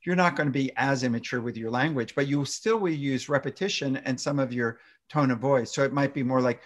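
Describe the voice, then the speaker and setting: A man, a pediatrician guest, explaining parenting advice in a lively way and acting out example conversations. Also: medium pitch, a little fast. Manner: lively, acts out example dialogue in exaggerated voices.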